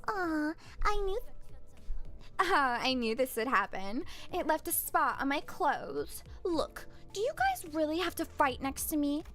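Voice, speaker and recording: A woman voicing a dry, unimpressed young woman who speaks flatly and deadpan. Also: high voice, measured pace, faint music behind, pitched above the performer's own voice, full character voice.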